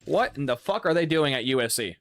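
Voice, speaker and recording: A young man talks through a football video game in casual, excitable commentary. His voice sits at an ordinary pitch and sounds dry and close, with little room sound. He swears freely and jumps into loud outbursts. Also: fairly quick, no echo. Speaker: gaming YouTuber.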